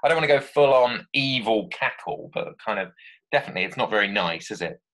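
A man's voice: lowish voice, expressive, brisk, fairly bright tone. A man teaching a children's writing lesson from home, thinking aloud as he drafts and chatting to pupils. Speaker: primary school teacher.

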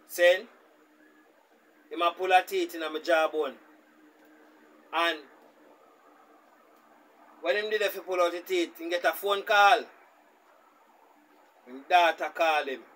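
A man with a Jamaican accent hosting a reaction video, telling a story in an animated manner. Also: fairly high pitch, poor audio. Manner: animated, speaks in Jamaican Patois. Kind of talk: storytelling commentary.

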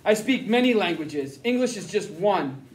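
A stern, cold German-speaking officer in an audiobook, clipped and crisp with quiet menace, as a man reads him. The voice sits high, and the room around it is echoey. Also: very animated, normal speed. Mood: menacing. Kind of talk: audiobook character reading.

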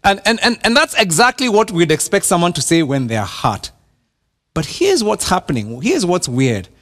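Animated Kenyan man preaching a sermon. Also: high-pitched, normal speed. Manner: animated preaching, repeats words and drops to a hush for emphasis. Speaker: pastor. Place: church.

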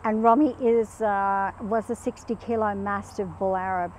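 A woman chatting as a pet behaviour guest, telling animated anecdotes and acting out the quotes in them. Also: mid-range voice, normal speed, a little hiss or hum, rough recording. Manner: animated storyteller who acts out quotes. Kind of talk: casual chat with anecdotes.

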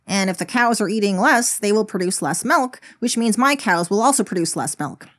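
A woman's voice: medium pitch, animated, moderate pace, fairly bright tone. A woman voicing a smug, self-admiring male farmer who reasons aloud with himself. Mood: smug reasoning. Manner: self-satisfied, talks to himself.

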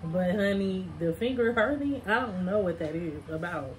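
A woman co-hosting a casual mukbang video at home, chatty and quick to laugh. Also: mid-range voice, lively intonation, soft background music. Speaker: co-host of a food vlog channel. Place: at home, indoors.

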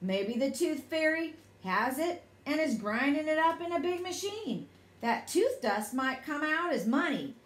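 A woman's voice: high voice, very animated, unhurried. Woman doing a folksy country dad. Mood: teasing. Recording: echoey room.

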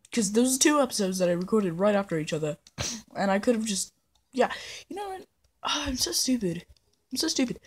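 A woman with a slightly husky, breathy voice chats through a game in a put-on British accent. Her pitch sits in an ordinary middle range. She rambles playfully and laughs at her own mistakes. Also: a little mellow. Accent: put-on British persona. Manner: playful, rambling, self-mocking, drifts into hummed nonsense. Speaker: gaming channel host. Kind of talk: casual let's-play commentary. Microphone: phone recording.

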